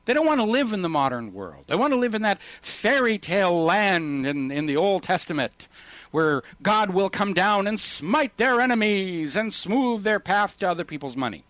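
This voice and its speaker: Male talk radio host, fairly high voice, dry close sound, sarcastic and indignant. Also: big pitch swings, moderate pace, fairly bright tone, no room sound. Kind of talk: political talk radio commentary.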